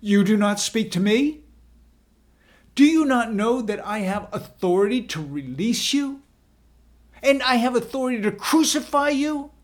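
A man voicing a stern, anxious Roman governor in a scripture drama, making loud, forceful declarations. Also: very high voice, expressive, measured pace, pitched above the performer's own voice. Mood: insistent.

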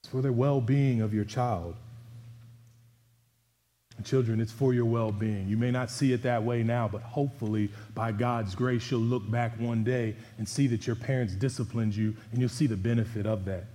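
A man's voice: mid-range voice, steady tone, normal speed, warm tone. Male pastor, mid-range voice, earnest conversational sermon, church hall reverb. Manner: earnest and exhorting, with conversational asides. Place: church sanctuary.

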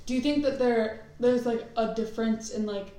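A woman's voice: a little high, steady tone, normal speed, warm tone, heavy reverb. A teenage girl hosting a casual chat, asking loose, giggly questions. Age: teens. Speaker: host.

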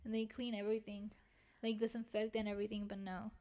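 A woman's voice: medium pitch, level tone, quick pace, mellow. A young woman with a thick Mexican Spanish accent, a retail worker rambling and swearing in casual chat. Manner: rambling, swearing, self-deprecating.

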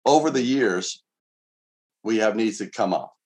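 A man's voice: lowish voice, expressive, a little slow, darkish tone. A man preaching a sermon in an earnest, conversational way, asking his listeners rhetorical questions and reading scripture aloud. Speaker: pastor. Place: outdoors in winter.

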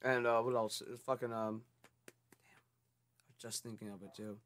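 A man's voice: lowish voice, little pitch movement, moderate pace, a bit bright. A young man co-hosting a podcast, laid-back and swearing casually, often trailing off. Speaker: podcast co-host. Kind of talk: casual chat.

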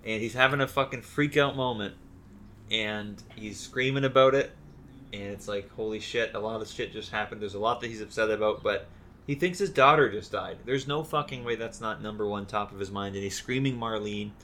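Casual podcast co-host, male, bright forceful voice, exasperated profane rant, faint background hiss. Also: fairly low pitch, brisk. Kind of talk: casual game discussion.

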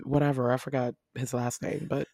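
A young woman with a notably low-pitched voice. She chats casually, rambling as she thinks aloud and correcting herself mid-sentence. The sound is dry and close. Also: level tone, fairly quick, mellow, dry recording. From United States. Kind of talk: casual chat.

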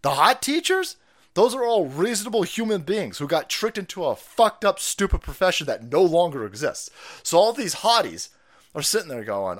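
A man's voice: sits high, big pitch swings, normal speed, a bit bright. A hungover man hosting a stream, ranting in profane, combative and sarcastic political commentary. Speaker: streamer host.

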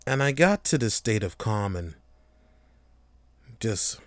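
A man's voice: lowish voice, big pitch swings, takes it slowly, dry recording. A laid-back young man hosting a casual solo podcast, rambling freely with frequent swearing and laughs. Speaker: podcast host.

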